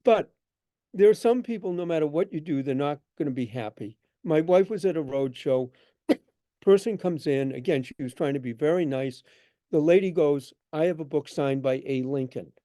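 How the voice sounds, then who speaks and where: A man's voice: a little high, normal speed, no echo. A man telling stories of his trade to an audience, acting out the people in them as he goes. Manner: animated anecdotes, acts out dialogue. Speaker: guest speaker, bookshop owner. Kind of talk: storytelling talk. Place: event hall.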